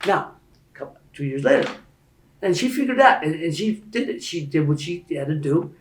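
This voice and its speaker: An older man telling stories on a podcast, his slightly high voice getting louder and higher as he drives a point home. The room around him rings with echo, and a faint hiss sits underneath. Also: normal speed. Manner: animated storyteller, rising loud and high when making a point. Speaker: interview guest. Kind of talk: storytelling in a podcast interview.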